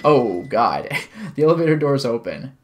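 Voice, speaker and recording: Animated streamer reading a visual novel. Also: mid-range voice, normal speed, highs cut off. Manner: animated, laughs often, chats with viewers.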